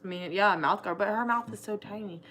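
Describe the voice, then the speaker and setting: A woman's voice: medium pitch, quick pace, a loud crowd. A woman co-hosting a casual chat, talking in a matter-of-fact, teasing way. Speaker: co-host, stepparent.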